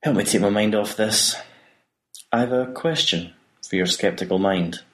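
A man voicing a troubled priest who speaks quietly and subdued. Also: fairly low pitch, unhurried, lightly acted. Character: troubled middle-aged male priest.

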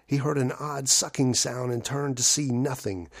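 A man narrating a horror story in a measured, low-key way. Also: fairly even intonation, gravelly.

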